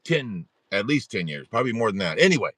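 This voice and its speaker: Hosting a support group livestream, a middle-aged man tells a rambling, animated story, frequently starting his sentences over. His voice is fairly low and fast, with no echo.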